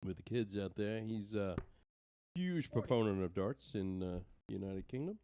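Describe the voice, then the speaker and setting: A man's voice: on the low side, lively intonation, unhurried, mellow, slight background noise. Easygoing man calling darts matches. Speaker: darts commentator. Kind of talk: casual sports commentary.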